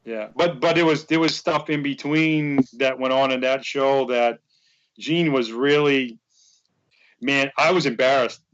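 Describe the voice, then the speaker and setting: A man's voice: mid-range voice, fairly even intonation, measured pace, muffled recording. A man chatting as a podcast guest, rambling through a story and acting out the quotes. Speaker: guest, superfan. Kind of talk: casual podcast chat.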